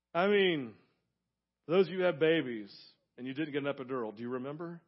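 A man preaching a sermon, emphatic, swinging between fervent loud stretches and hushed asides. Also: mid-range voice, expressive, brisk, highs cut off. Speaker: pastor.

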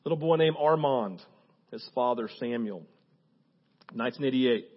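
A man preaching a sermon as pastor, animated and conversational with asides. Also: medium pitch, moderate pace, lo-fi sound. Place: church.

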